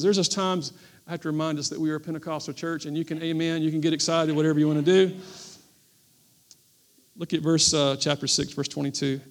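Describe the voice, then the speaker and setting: A man's voice: a little high, level tone, a little fast. A male pastor preaching a sermon at a church service, repeating key phrases with emphasis and calling on the congregation to respond.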